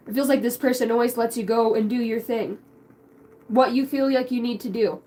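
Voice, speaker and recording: A woman's voice: on the high side, brisk, a little mellow, a little hiss or hum, poor audio. A young woman giving a spiritual card reading, emotional and rambling, swearing casually. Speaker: tarot card reader.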